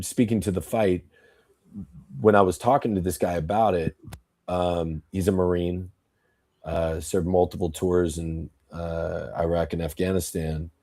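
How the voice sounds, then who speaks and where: Man, low husky voice, blunt profane podcast ranter who acts out quotes. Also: warm tone. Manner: blunt, profane, rambling political rant; tells stories with acted quotes. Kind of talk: casual podcast talk.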